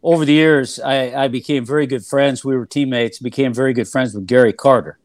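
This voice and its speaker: An older man, a former ballplayer turned TV analyst, telling stories in a relaxed interview with many fillers and restarts. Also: mid-range voice, brisk, no room sound, studio quality. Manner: rambling, filler-heavy recollection with frequent restarts. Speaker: former player and TV analyst, guest.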